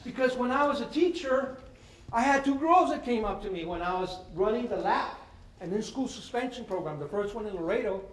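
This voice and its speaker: A man, giving a lively storytelling talk to students as a guest speaker and slipping in Spanish phrases. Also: high voice, a little fast, a little hiss or hum. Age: 50s. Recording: echoey hall with faint ambience.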